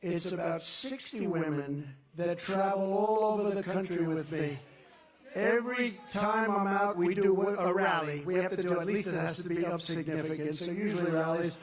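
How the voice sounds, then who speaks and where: Older guy boasting at a rally, highish voice, roomy echo, far from the mic. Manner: repetitive, boastful, off-the-cuff asides. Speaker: political speaker at a rally. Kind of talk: rambling rally speech. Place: large venue, victory rally. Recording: roomy sound, distant mic, loud crowd. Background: cheering crowd.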